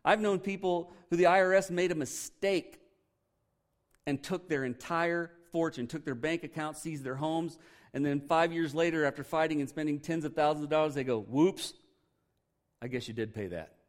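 A man's voice: a little high, fairly even intonation, normal speed. A man, a pastor preaching a conversational sermon with candid, joking asides.

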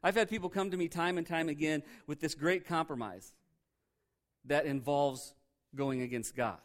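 A pastor teaching through a Bible passage in a conversational sermon, joking and animated with sarcastic asides. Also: male voice, fairly high pitch, moderate pace.

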